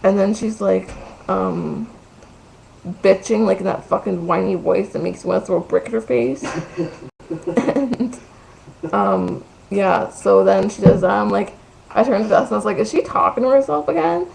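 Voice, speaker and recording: Gravelly-voiced woman ranting casually. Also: mid-range voice, fairly even intonation, measured pace, pauses often, darkish tone, a little hiss or hum, low-quality recording. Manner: gossipy, profane, full of "like". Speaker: vlogger. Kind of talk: casual ranting story to camera. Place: her bedroom at home.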